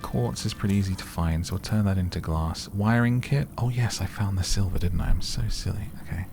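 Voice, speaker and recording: Very deep, soft-spoken man. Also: gravelly, music in the background. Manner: slow, rambling, gently amused. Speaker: gaming ASMR host. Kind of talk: soft-spoken sleepy gameplay commentary.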